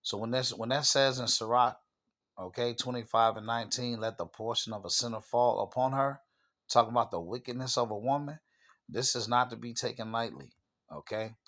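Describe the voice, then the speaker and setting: A man's voice: mid-range voice, fairly quick, a bit bright. A man hosting his own channel, preaching an informal sermon and reading scripture, emphatic and stopping often to say "all right" and "okay".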